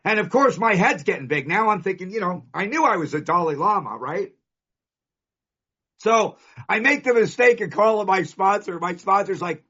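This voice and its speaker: In a dull lo-fi recording, a California man tells his story at a recovery meeting before a live audience, pressing points home with punchy lists and plenty of emphasis. He speaks at normal speed in a high, husky, fairly bright voice with lively intonation.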